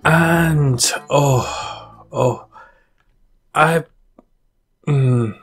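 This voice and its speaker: A man's voice: a little high, extremely slow, breathy edge, faint music behind. A man hosting his own gaming channel, talking casually over his gameplay in a rambling way and often tripping over his words.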